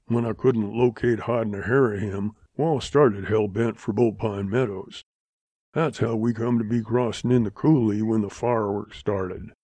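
A man voicing a crusty, folksy old cowboy with a slow, derisive drawl in a western audiobook. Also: on the low side, fairly even intonation, warm tone, no room sound. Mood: explaining.

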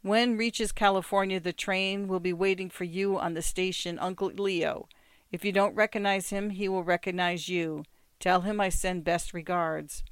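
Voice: medium pitch, fairly even intonation, moderate pace, clean tone, dry recording, close to an everyday voice. A reader voicing a poor, desperate old man, pleading in broken word order. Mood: breathless urging.

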